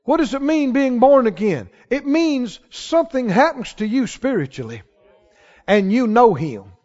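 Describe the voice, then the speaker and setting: A male pastor preaching a sermon to a congregation, emphatic and rising to shouts on key lines. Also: very high voice, very animated, unhurried. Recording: dull sound with long hall reverb.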